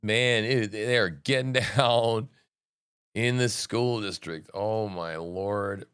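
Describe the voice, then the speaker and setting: A man hosting a livestream, reacting to a meeting with excitable, profane commentary that swings between loud outbursts and muttering. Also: on the low side, slow, clean tone, dry recording, studio quality. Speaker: livestream host.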